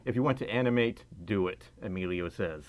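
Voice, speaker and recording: A man with a fairly low voice hosts a casual livestream, talking a little fast as he rambles, puts himself down, and fiddles with his audio.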